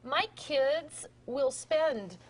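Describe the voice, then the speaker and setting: A woman co-hosting a morning TV show, chatting in an excitable, effusive way. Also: high voice, extremely slow. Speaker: TV co-host. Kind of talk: casual morning TV chat.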